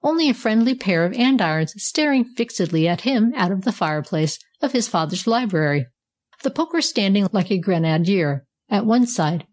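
A woman narrating a storybook with a measured, expressive reading style. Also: mid-range voice.

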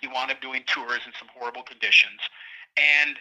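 A man's voice: mid-range voice, moderate pace, pushed and bright, poor audio. A middle-aged man, a guest speaking from prison, telling a rambling story in casual conversation and acting out what his friends said. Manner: rambling, acts out quoted friends heatedly.

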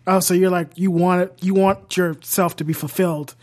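Deadpan, exasperated tabletop player. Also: medium pitch, moderate pace. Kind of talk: tabletop role-play, playing in character.

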